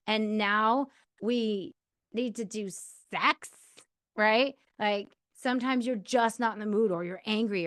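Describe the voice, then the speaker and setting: Her mid-range voice comes through a dry, clean studio recording. She's a podcast host in her thirties giving open, talkative advice in a casual monologue, with frequent filler words.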